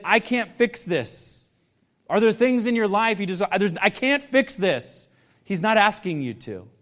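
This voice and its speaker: A male pastor preaching a sermon earnestly, building emphasis with repeated questions to the congregation. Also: high-pitched.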